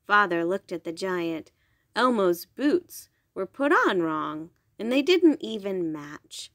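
A woman reading a bedtime story aloud, slowly and gently. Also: mid-range voice, big pitch swings, no room sound, studio quality. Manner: slow, gentle, clear.

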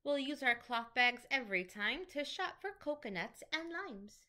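Animated, sing-song woman teacher reading aloud. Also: high voice, normal speed. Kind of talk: reading picture books aloud to children.

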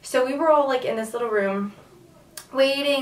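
A young woman vlogging, chatting excitedly to camera with lots of fillers. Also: on the high side, brisk, far from the mic. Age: young adult. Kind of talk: casual chat to camera. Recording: echoey room, voice a little off-mic.

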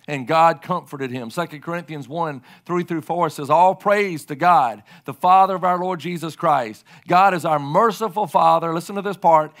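A middle-aged male pastor delivering a sermon in a fairly high voice. He preaches emphatically, driving his points home by repeating them line after line. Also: a bit bright. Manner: emphatic, repeats key lines for the congregation.

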